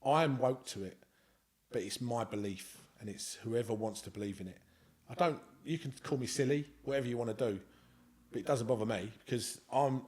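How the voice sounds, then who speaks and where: A man with a mid-range, slightly mellow voice and a London accent, described as from Scotland, appears as a podcast guest. In casual conversation he tells a rambling, earnest story as the interviewee.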